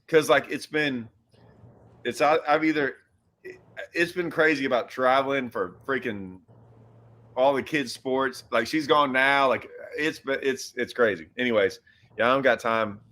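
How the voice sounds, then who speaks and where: A man's voice: mid-range voice, bright, forceful tone. A man hosting a casual fishing chat, rambling with restarts and loose asides. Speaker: host.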